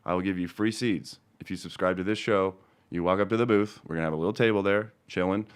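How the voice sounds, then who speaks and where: A middle-aged man with a fairly low voice hosts a cannabis seed show in a loose, off-the-cuff way. He swears freely and moves between heated complaint and relaxed, friendly chat with viewers. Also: fast talker, clean tone. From Denver, Colorado. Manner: profane, angry ranting that turns calm and chatty. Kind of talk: casual ranting livestream talk.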